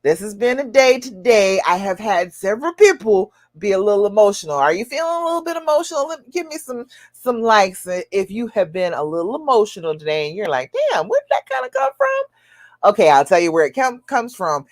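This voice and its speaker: A woman's voice: lively intonation, a little fast, few pauses, dry recording. A woman hosting a live stream as a love coach, chatting casually, reading viewers' comments and laughing often. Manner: chatty, laughs often, swings pitch up when quoting viewers.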